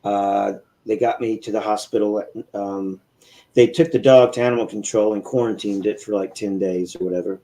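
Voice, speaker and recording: A man's voice: on the low side, fairly even intonation, normal speed, dark tone, rough recording. A man hosting a podcast, telling a story in casual chat with an easygoing, rambling manner. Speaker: podcast host.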